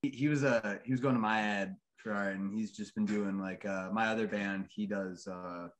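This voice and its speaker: A male band member describing his songwriting in a low, easygoing voice. He halts often and leans on filler words, and a faint hiss sits under the recording. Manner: relaxed, halting, heavy filler words. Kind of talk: casual interview chat.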